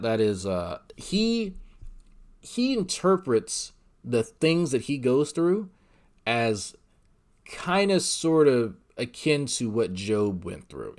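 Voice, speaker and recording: Male streamer, slightly low voice, casual, profane, quick to laugh. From Louisiana. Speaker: livestream commentary host. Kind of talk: casual livestream commentary.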